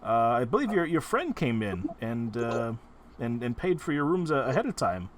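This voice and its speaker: A man's voice: mid-range voice, big pitch swings, normal speed, slight background noise, lightly acted. Guy doing a chatty innkeeper, rambles a lot, lots of uhs. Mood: rambling. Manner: rambling with many fillers. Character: male innkeeper, chatty and folksy.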